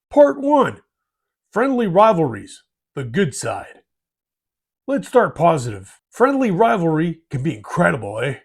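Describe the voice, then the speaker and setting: A man's voice: fairly high pitch, creaky, slightly rough. A man hosting a hobby advice talk in a folksy way, tagging his sentences with friendly asides. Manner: folksy, tags sentences with "eh" and "bud". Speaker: host.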